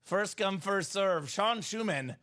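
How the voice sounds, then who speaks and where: A young man hosting a live sports card break, hyping items and bantering with viewers in quick sales patter. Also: high voice. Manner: energetic, shouts and jokes with viewers.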